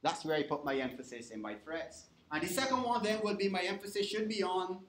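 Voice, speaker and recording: His voice high, animated and fairly bright, a male lecturer moves briskly through a university class in a lecture hall. The recording echoes, and he regularly stops to check whether students follow.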